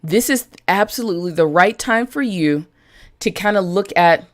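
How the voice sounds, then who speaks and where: Lady business coach on a livestream, lower voice, chatty and blunt, says hi to viewers by name. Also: animated, moderate pace. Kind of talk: live-stream talk to viewers.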